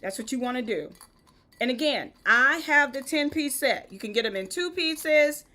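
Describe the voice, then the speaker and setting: A woman's voice: high voice, expressive, moderate pace, bright, forceful tone. A woman with a Southern US accent giving a step-by-step live-stream tutorial, often checking in with viewers. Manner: step-by-step instructive, checks in with "okay?". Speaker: event decor host. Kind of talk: live-stream how-to demo.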